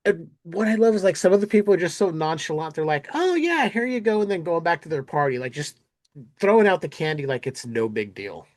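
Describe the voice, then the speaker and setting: Podcast host chatting, super lively up-and-down voice, laughs a lot, dry close sound. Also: mid-range voice, brisk, no echo. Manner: animated, laughs often, acts out characters' lines. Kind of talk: casual chat. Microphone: recorded on camera setup, remote call.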